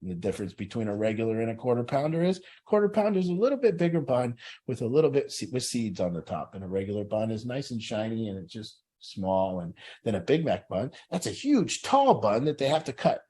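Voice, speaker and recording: A man's voice: medium pitch, very animated, a little fast, few pauses, warm tone. A middle-aged man leading a recovery group, telling a personal story in a blunt, profane way.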